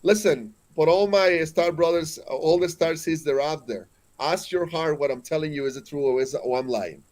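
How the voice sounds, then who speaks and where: A Mexican-accented man in his forties speaks as an interview guest, pitched a little above most men. He tells spiritual stories earnestly and with emphasis, often stumbling and restarting his sentences. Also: moderate pace, darkish tone. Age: 40s.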